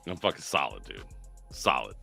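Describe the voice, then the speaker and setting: A man hosting a podcast in casual chat, animated and swearing freely. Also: extremely low pitch, normal speed, gravelly, soft background music. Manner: animated, swears a lot, quotes people in put-on voices. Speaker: podcast host, chef.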